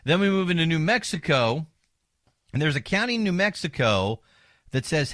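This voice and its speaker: A man fills in as a radio talk host, sarcastic and animated as he mocks the other side. His voice sits a little high and leaps up and down in pitch. He is recorded dry and close on a studio microphone. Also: normal speed, no echo.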